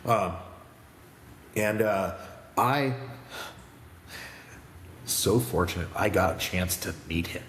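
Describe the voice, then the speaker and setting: A man with a fairly low voice tells stories in a casual podcast, animated and rambling, breaking off and restarting. The sound is echoey, with a long reverb tail and a faint background hiss. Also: slow, long pauses. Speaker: podcast co-host.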